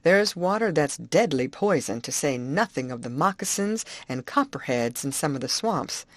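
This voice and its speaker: A man's voice: fairly high pitch, expressive, moderate pace, dry recording, studio quality, natural voice. A woman reading a plainspoken male overseer who talks in a folksy, reassuring way and drops word endings. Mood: matter-of-fact.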